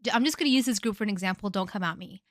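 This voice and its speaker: A woman narrates a story at a brisk clip and then weighs in with sassy, opinionated remarks of her own. Her voice sits at an ordinary middle pitch. The sound is dry and close, with no room around it. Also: dry recording.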